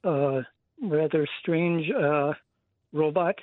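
Male caller, hesitant, tinny phone line, distant, slightly high voice. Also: fairly even intonation, slow pace, dry recording. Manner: hesitant, unsure. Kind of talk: phoned-in radio chat. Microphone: telephone line.

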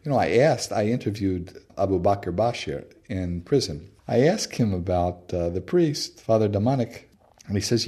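Guesting on a radio show, this male anthropologist storytells casually and animatedly, often using fillers and starting over. He speaks at normal speed in a lowish, dark-toned voice with lively intonation.

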